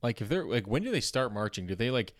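A man's voice: mid-range voice, sing-song, quick pace, no echo, studio quality. A young Canadian man with a Canadian accent hosting a comedy podcast, rambling through old notes with lots of fillers, restarts and self-deprecating asides. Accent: Canadian English. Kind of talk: casual rambling comedy monologue.

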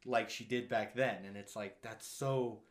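A man's voice: lowish voice, fairly even intonation, unhurried. A young man co-hosting a casual movie review chat, rambling and full of "like" and acted-out quotes. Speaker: co-host.

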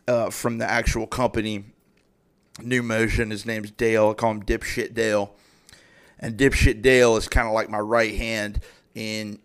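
A man's voice: on the low side, a bit bright. A man in his thirties hosting a podcast, ranting heatedly and swearing constantly, with frequent restarts. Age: 30s. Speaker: podcast host. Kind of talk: profane casual rant.

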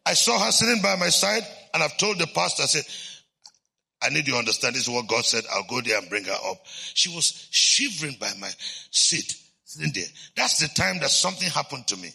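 A man preaching a storytelling sermon as a bishop, animated and laughing, swinging from hushed to loud. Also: fairly high pitch, brisk, gravelly, husky.

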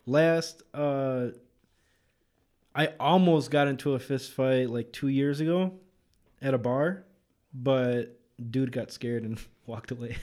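A man in casual chat, excitable and profane, always saying "dude" and "bro". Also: medium pitch, takes it slowly. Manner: excitable, swears freely, says "dude" and "bro" a lot.

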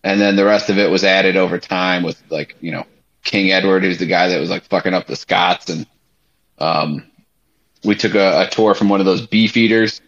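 A young man on a podcast, telling a story in a loose, animated way, swearing freely and using lots of fillers. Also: low-pitched, moderate pace. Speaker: podcast co-host. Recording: slightly muffled podcast audio.

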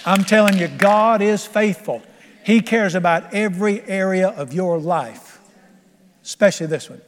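Folksy preacher in a reverberant church. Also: male voice, high voice, measured pace. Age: older. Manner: folksy, emphatic preaching with laughter. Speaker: pastor. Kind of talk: sermon. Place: church sanctuary. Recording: long hall reverb.

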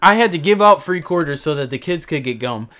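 This is a young man with a notably high-pitched voice, co-hosting a casual talk podcast. He tells a workplace story with a lot of energy, acting out his own lines and other people's as he goes, and he swears freely. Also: expressive, brisk, fairly bright tone. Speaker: podcast co-host. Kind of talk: casual chat.

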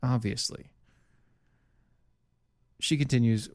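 A man's voice: mid-range voice, moderate pace. A man hosting a call-in show, chatting casually and joking with frequent fillers and restarts.

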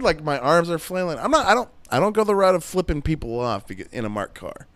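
A man's voice: on the high side, sing-song, fairly quick, no echo. A man in his thirties hosting a podcast solo, rambling and joking crudely in casual chat. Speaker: podcast host.

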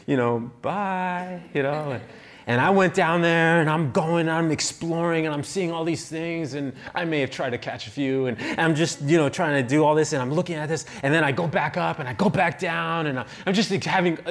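A middle-aged pastor preaching, telling a self-deprecating personal story in an animated way. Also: male voice, fairly high pitch, brisk.

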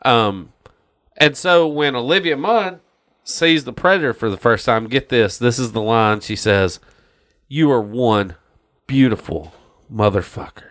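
A man's voice: medium pitch, measured pace, a bit bright. A man on a casual podcast, ranting about a movie with heavy swearing and mocking quotes. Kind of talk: casual chat.

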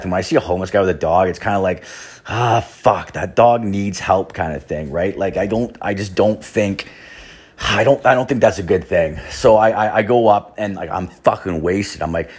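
A young man hosting a podcast, telling a rambling, profane story full of fillers. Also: low-pitched. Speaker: podcast host. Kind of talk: casual storytelling monologue.

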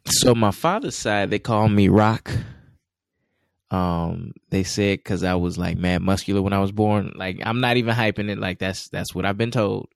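A man's voice: fairly low pitch, moderate pace, creaky, no echo, clean studio sound. A young man in casual chat, talking in a laid-back, easygoing way.

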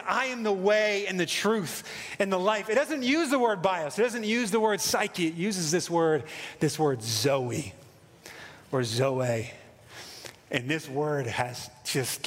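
High-voiced preacher man in a reverberant hall. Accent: American. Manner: casual, excited preaching with many fillers. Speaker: pastor. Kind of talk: sermon.

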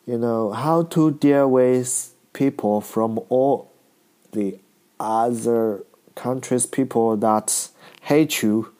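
Male comedian, casual rambling monologue; slow, halting, chuckling, non-native grammar. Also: mid-range voice, dark tone. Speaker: comedian riffing on internet content.

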